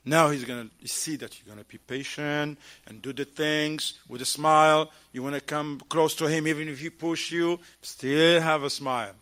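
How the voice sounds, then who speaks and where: A man giving an animated talk at a mosque, firing rhetorical questions at the audience and acting out short dialogues. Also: on the high side, normal speed, hardly any pauses. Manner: acts out little dialogues in shifting voices. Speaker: mosque lecturer. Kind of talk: lively mosque talk on marriage.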